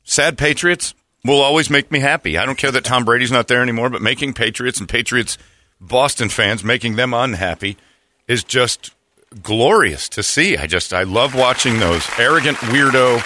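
A man's voice: mid-range voice, moderate pace, pushed and bright, no echo. A man hosting a morning radio show, ranting and mocking in casual banter. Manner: brash, mocking, ranting, slips into put-on voices. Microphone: studio microphone. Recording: dry studio sound.

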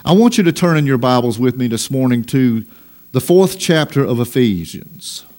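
A man's voice: mid-range voice, sing-song, a little mellow. Emphatic man preaching a sermon. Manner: preaching with emphatic, rising stresses and slow drawn-out lines; reads scripture aloud in old-fashioned wording. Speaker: pastor.

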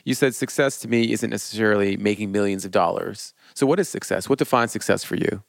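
A man with a lowish voice hosts a podcast, friendly and chatty. He laughs at his own slips, and his voice sounds close and dry with no room around it. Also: fast talker, creaky, dry recording. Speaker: podcast host. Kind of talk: casual interview talk.

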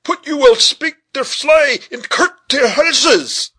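A man voicing an excitable old German soldier with a German accent, crying out in a high, strained voice in a storybook reading. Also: takes it slowly, heavily acted. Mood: emotional.

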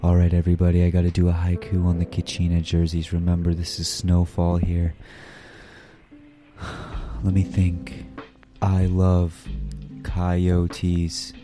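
A man's voice: low voice, monotone, measured pace, mellow, faint music behind. A man co-hosting a podcast in casual chat, joking and playful as he hypes the segments. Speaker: podcast co-host.

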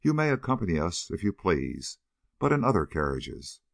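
A man's voice: low voice, sing-song, normal speed, creaky, dry recording, clean studio sound, full character voice. A man reading Bell, a hard, cold-voiced adventurer. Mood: politely firm. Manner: curt, cold commands.

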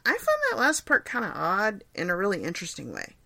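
A woman's voice: medium pitch, wildly swooping pitch, brisk, creaky, bright, forceful tone, dry recording. A woman in her forties hosting a casual solo podcast, chatty and self-deprecating, laughing often as she answers questions. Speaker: podcast host. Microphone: home recording setup.

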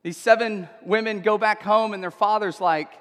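A man preaching in a church with a high, bright voice and an emphatic, conversational delivery. He punctuates his points with quick check-ins to the crowd. His words trail off into a long hall reverb. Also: steady tone. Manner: conversational, emphatic, frequent tag questions. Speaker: pastor. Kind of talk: sermon.

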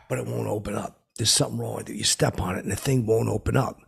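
Man, middle-aged, rambling comic storyteller, deep gravelly voice. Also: steady tone, quick pace. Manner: rambling, full of fillers and profanity. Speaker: comedy podcast host.

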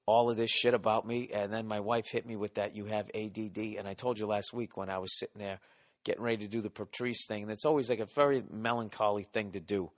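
A man's voice: on the low side, quick pace. Swearing storyteller man, reverb-washed. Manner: animated, swearing, mock-ranting. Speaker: podcast host. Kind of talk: profane comic storytelling.

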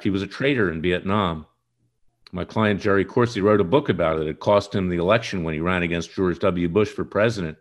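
A man with a very low voice delivers a political monologue straight to his audience. He sounds combative and accusatory, hammering his points with emphasis. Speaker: political commentary host. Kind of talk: direct-to-camera political monologue.

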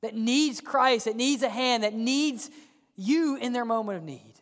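A male pastor preaching a sermon, swinging from loud emphatic calls to hushed whispers and often repeating words as he presses a point. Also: extremely high pitch, unhurried. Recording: long church-hall reverb.

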